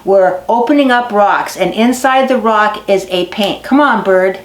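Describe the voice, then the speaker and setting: A woman's voice: medium pitch, unhurried, close to an everyday voice. A woman voicing a big proud male wolf in a told animal tale, speaking in an earnest, plain way. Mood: grateful. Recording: echoey barn recording.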